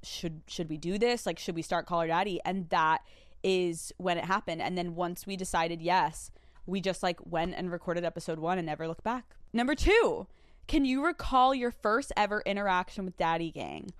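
A woman's voice: lowish voice, normal speed, dry recording, clean studio sound. Chatty young woman podcast host. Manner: excitable and chatty, full of "like" fillers; swears casually. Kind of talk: casual chat.

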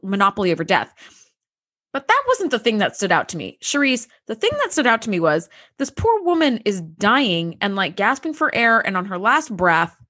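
A woman's voice: a little high, fairly bright tone. A woman co-hosting a casual chat about a TV episode, swearing freely and acting out characters in quoted voices. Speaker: podcast co-host.

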